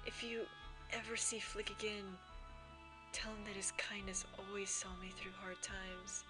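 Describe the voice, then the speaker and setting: A woman voicing a dying young woman rebel leader from a video game, speaking softly with half-whispered lines while reading the dialogue aloud. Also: mid-range voice, steady tone, measured pace, close to an everyday voice, low-quality recording. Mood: tender farewell. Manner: soft, faltering, often half-whispered. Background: game music.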